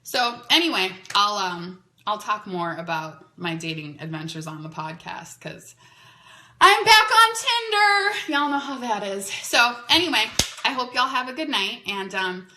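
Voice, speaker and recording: A woman hosting a podcast, telling a long story in a chatty, animated way that is full of "like" fillers. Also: medium pitch, moderate pace. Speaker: podcast host. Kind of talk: casual storytelling monologue. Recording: roomy echo.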